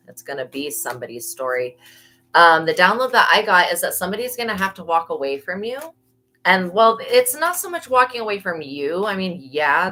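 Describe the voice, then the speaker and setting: Woman, low voice, host of a live tarot reading, chatty and rambling, restarts often. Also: sharp tone, low-quality recording. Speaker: tarot reader.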